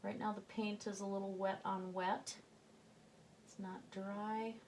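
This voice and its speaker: With slight background noise behind her, a woman speaks in a medium-pitched, gravelly voice carrying a slight Southern US accent. She's a painting instructor leading a chatty tutorial, thinking out loud as she paints and now and then sinking to a murmur.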